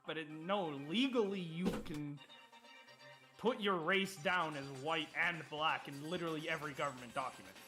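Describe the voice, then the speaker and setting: A man speaks in a matter-of-fact way, explaining the story while a game plays. Music runs loudly behind his voice. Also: a little high, moderate pace. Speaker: let's play co-commentator. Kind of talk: casual game commentary.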